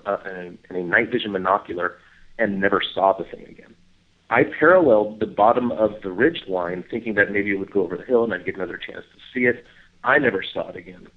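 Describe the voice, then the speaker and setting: Man telling a story over a phone line. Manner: animated storyteller, acts out others' lines in high voice. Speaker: guest, Bigfoot researcher. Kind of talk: casual phone interview storytelling.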